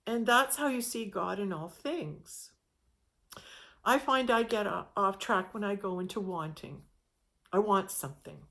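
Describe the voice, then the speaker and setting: A woman's voice: mid-range voice, measured pace, a bit bright. A woman giving an informal spiritual talk, speaking in a reflective, meandering way with frequent restarts.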